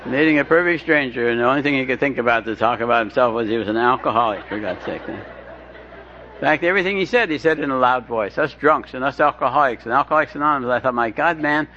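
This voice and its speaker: A man's voice: medium pitch, sharp tone. Wry man telling his story, lo-fi. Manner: wry, self-deprecating, with halting restarts. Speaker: speaker sharing his recovery story. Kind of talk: humorous storytelling talk. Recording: dull lo-fi recording with faint hiss.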